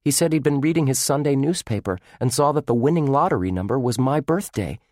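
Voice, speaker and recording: A man's voice: mid-range voice, expressive, a little fast, darkish tone, no echo, studio quality, pitched above the performer's own voice, close to an everyday voice. Man voicing a glum boy, Lucky. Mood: explaining. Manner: glum, explaining. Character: boy upset about a theft.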